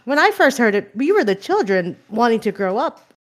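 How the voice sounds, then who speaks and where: A woman's voice: on the high side, very animated, moderate pace. A woman in her thirties co-hosting a podcast, candid and teasing, laughing often. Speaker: podcast co-host. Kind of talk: casual chat.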